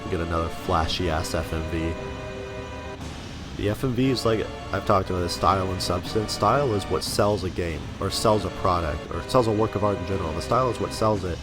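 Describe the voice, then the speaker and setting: A man's voice: deep voice, fairly quick. A young man casually commenting over a video game he is playing, laughing often and swearing freely. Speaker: let's play commentator. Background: game music.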